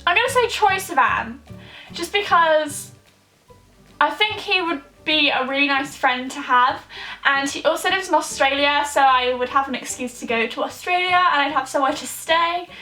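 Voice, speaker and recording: A woman's voice: sits high, normal speed, sharp tone, soft background music, low-quality recording. A young woman chatting casually in a vlog, reading out viewers' questions and answering them in an upbeat way. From United Kingdom.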